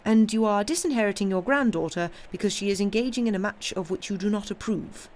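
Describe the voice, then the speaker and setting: Woman putting on stiff old-fashioned notary guy, keeps double checking, higher pitched. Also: animated, fast talker, a little mellow. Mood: incredulous. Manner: questioning, incredulous. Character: formal, cautious male notary.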